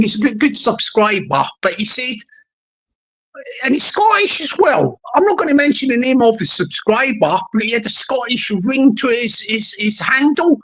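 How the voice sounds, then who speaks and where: A high-pitched woman hosts a casual livestream. She rambles in a playful, sing-song way, repeating words and restarting phrases as she goes. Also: a bit bright, low-quality recording. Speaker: livestream host.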